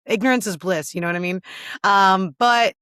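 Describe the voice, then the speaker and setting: A woman podcast host talks candidly in a casual solo check-in, full of "like" and "um". She sounds a little teary. Her mid-pitched voice is close-miked and dry. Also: measured pace, a bit bright, clear, resonant tone, no room sound. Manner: chatty and candid, lots of "like" and "um".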